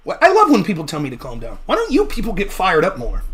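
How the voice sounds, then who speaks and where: A man's voice: high voice, huge pitch swings, fast, a bit bright. Fired-up, sarcastic male livestream host. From United States. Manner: agitated, sarcastic, challenges chat viewers; swears freely. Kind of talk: heated solo livestream rant.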